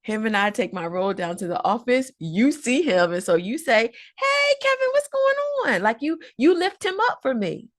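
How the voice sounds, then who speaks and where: Animated woman telling a classroom story. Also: medium pitch, normal speed, few pauses. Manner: animated storytelling, acting out quotes in a raised voice. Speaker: educator and trainer. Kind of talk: storytelling talk to fellow educators.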